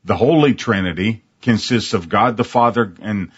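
A man's voice: fairly low pitch, moderate pace, breathy edge. A man preaching a sermon in an earnest, emphatic way, reading scripture aloud. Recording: dull lo-fi sermon recording.

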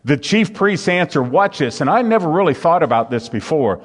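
A man's voice: on the high side, sing-song, normal speed, breathy edge. A man preaching a sermon, reading scripture aloud and rising to fervent emphasis on his points. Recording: long hall reverb.

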